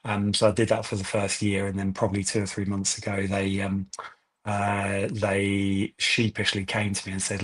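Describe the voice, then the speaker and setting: A man's voice: lowish voice, monotone, moderate pace. A man, an independent estate agent telling chatty anecdotes as a webinar guest over a video call. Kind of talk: webinar interview answers.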